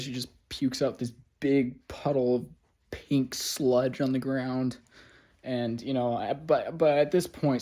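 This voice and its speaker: A man's voice: medium pitch, dark tone. A man telling a personal story in a casual, rambling monologue, swearing often and filling gaps with "like" and "you know". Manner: rambling, profane, heavy on fillers. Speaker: vlogger.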